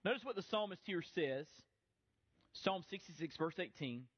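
A man's voice: sits high, animated, moderate pace, no echo, lo-fi sound. A middle-aged male pastor preaching a sermon in a conversational, easygoing way, often restarting his phrases.

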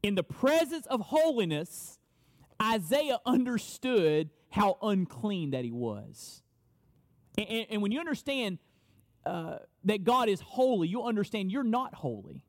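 A man with a high voice preaches a sermon, leaning hard on key phrases and saying them twice. His voice rings out with a long, lingering reverb, as if he stands in a large hall. He talks to the room as its pastor. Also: big pitch swings. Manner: emphatic, repeats key phrases, quick asides.

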